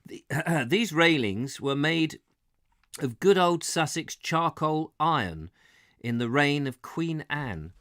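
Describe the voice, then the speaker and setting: A man's voice: a little high, expressive, takes it slowly, a bit bright, no echo, clean studio sound. A man reading an old travel book aloud on a live stream, with chatty asides and corrections.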